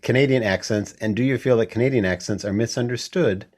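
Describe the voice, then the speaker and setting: A man's voice: mid-range voice, quick pace, darkish tone. A man hosting an interview, asking rambling questions and laughing easily. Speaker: host. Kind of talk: casual interview chat.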